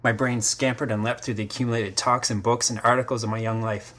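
A man reading a scripted first-person story, measured and literary, with short terse sentences. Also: mid-range voice, level tone, a bit bright. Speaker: story narrator. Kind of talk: scripted dramatic narration.

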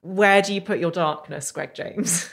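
A woman's voice: lowish voice, a little slow, gravelly, a bit bright. A woman hosting a podcast interview, asking playful questions and encouraging her guest. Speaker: podcast host. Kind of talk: casual interview chat.

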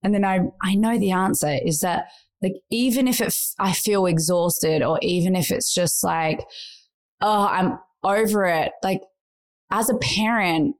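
A woman's voice: mid-range voice, measured pace. Chatty woman telling rambling stories. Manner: emotional, rambling storytelling. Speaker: podcast co-host. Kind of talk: casual chat. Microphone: remote recording with podcast equipment.

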